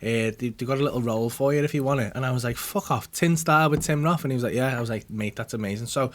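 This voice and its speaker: This comedian and podcast host fires off his story rapidly in a mid-range voice, swearing throughout. Telling it casually before a studio audience, he animatedly acts out what others said.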